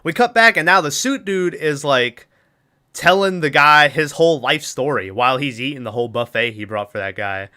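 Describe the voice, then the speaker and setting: A man's voice: fairly high pitch, moderate pace, bright, forceful tone. A man hosting a podcast, casually retelling a movie's plot and acting out the characters' lines with laughs. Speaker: podcast host.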